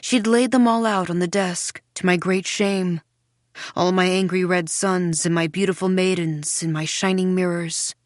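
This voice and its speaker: Audiobook narrator, woman; low, measured, dry booth sound. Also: steady tone, no echo. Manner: measured storytelling. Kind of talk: first-person audiobook narration.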